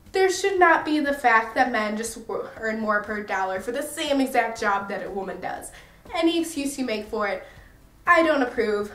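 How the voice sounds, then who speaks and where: A woman's voice: a little high, fairly bright tone, far from the mic. A young American woman vlogging in a casual, rambling and self-mocking way. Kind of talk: casual chatty review. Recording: echoey room, a bit off-mic.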